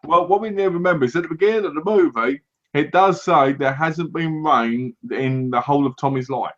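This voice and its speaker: A man co-hosts a casual movie review, retelling scenes with lively energy and plenty of laughter. His voice sits a little high. The recording sounds dull and lo-fi. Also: a little fast. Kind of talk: casual chat.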